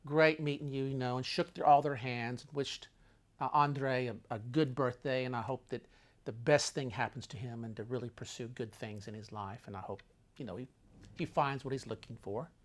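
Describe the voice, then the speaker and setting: An older man telling a travel story with dramatic, animated delivery that swings between loud and hushed. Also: medium pitch, moderate pace.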